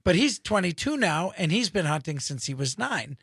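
A man's voice: sits high, big pitch swings, moderate pace, gravelly, a bit bright, breathy edge, no room sound, clean studio sound. A man in his fifties from Wisconsin, hosting a casual radio talk show, joking and rambling with his co-hosts. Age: 50s. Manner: jokey, rambling, laughs often. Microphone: studio microphone.

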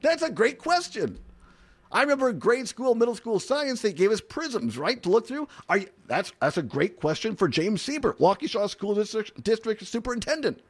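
A man hosting an opinionated talk radio show from a studio, animated and mocking, laughing often. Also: sits high, moderate pace, slightly rough.

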